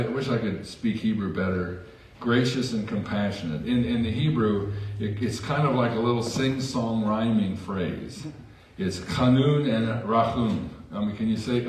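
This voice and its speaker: A man's voice: lowish voice, recorded from a distance, slight background noise. A man preaching a sermon as pastor in a church, conversational with self-deprecating asides. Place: church sanctuary. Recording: echoey church hall from afar.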